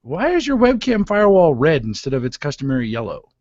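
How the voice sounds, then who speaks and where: A man hosting a technology radio show with jokey, casual talk and quick sponsor reads. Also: fairly high pitch, big pitch swings, darkish tone, dry recording, highs cut off. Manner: jokey, laughing, fast ad reads.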